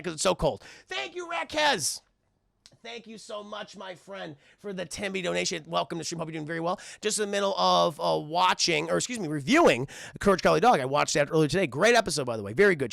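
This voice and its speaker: Brief: casual male streamer, animated delivery, bright gravelly voice. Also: sits high, dry recording, studio quality. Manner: casual, lively, swears, addresses chat. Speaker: streamer reviewing cartoons. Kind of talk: casual live-stream review chat.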